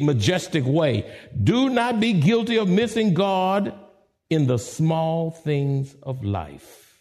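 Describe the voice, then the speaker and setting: A male pastor preaching a sermon, swinging from soft hushed lines to sudden high exclamations.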